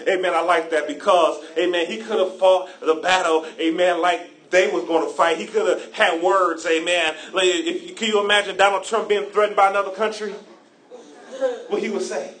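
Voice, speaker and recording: A man preaching a sermon with grammar, repeating "amen" often and swinging from quiet storytelling to loud shouts. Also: high-pitched, level tone, moderate pace, distant mic. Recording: echoey room.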